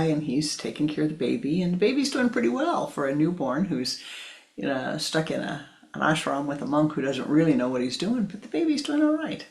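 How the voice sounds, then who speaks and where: A man, a spiritual teacher, telling a teaching story in a conversational way with many asides. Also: fairly high pitch.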